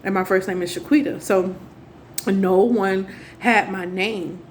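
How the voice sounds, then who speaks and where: A woman's voice: mid-range voice, steady tone, unhurried. Woman, young adult, rambling earnest vlog chat, faint neighbor noise behind. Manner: rambling, many restarts, earnest. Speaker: spiritual vlogger. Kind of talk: casual personal monologue to camera.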